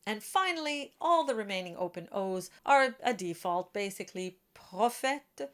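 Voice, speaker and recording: A woman voice teacher explaining French diction for singers, slowing down to model each example word. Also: medium pitch, very animated. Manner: clear, careful teaching, slows to model example words.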